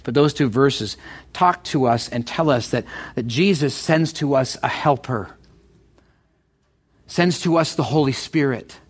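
Middle-aged guy preaching, kinda high voice, gets all excited, trips over his words a lot. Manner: animated, builds to excited bursts; stumbles and repeats words often. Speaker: pastor. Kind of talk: sermon.

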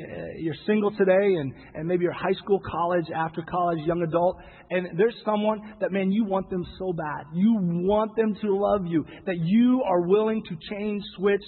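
A man's voice: high voice, breathy edge. Emphatic male preacher in a reverberant hall. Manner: conversational, emphatic preaching with quoted voices and repetition. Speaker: pastor. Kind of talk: sermon. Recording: tinny phone-like sound with long hall reverb.

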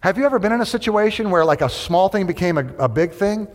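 In a large hall with a long, lingering reverb, a middle-aged man with a high-pitched voice preaches quickly, telling a story and animatedly performing every quote and character along the way.

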